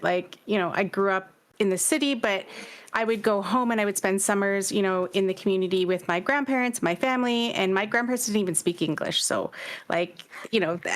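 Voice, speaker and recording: A woman from Canada speaking in a casual panel discussion, reflective and halting, with many restarts. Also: mid-range voice, fairly bright tone.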